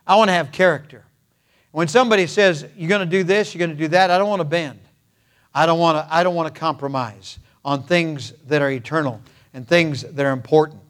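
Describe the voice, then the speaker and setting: An older male pastor delivers a sermon in an earnest, measured way. His voice sits a little high for a man, and he leans on repeated phrases and pauses.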